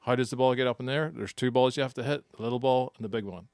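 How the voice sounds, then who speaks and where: A man coaching golf on a podcast, laying out his tips patiently and in order. His voice sits at a mid pitch and is recorded close and dry, with no room sound at all. He sounds casual and chatty. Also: racing, smooth, no room sound. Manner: explanatory, teaching step by step.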